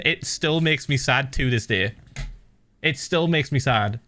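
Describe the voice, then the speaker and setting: Lively bright-voiced male streamer. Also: a little high, slow. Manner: animated, swearing, laughing often. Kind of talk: casual livestream chat while gaming.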